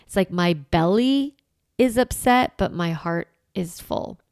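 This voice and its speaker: A woman's voice: lowish voice, lively intonation, takes it slowly, gravelly, a little mellow, no room sound, clean studio sound. A woman in her forties hosting a solo podcast, talking in an earnest, reflective way with light laughs. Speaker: podcast host.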